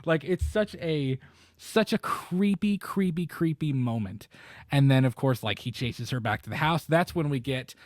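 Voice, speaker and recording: A man co-hosting a casual chat about a horror film, animated and talkative, often acting out quoted lines in sudden high or low voices. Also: moderate pace, no echo. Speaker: podcast co-host.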